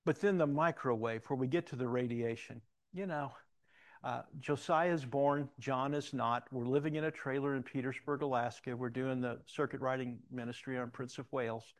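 A middle-aged man preaching a sermon, telling personal stories and moving between loud emphatic questions and quiet reflective moments. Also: medium pitch, fairly even intonation, normal speed. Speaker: pastor.

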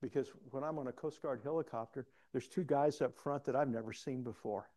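With a mid-range voice and a fairly quick pace, a middle-aged preacher relates personal anecdotes, dropping to hushed asides and then rising to loud exclamations.

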